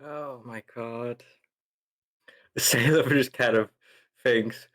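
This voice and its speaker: Slow-talking exasperated male player. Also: mid-range voice, fairly even intonation, a bit bright. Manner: swears and laughs in exasperation. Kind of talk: playing a tabletop game on a live stream.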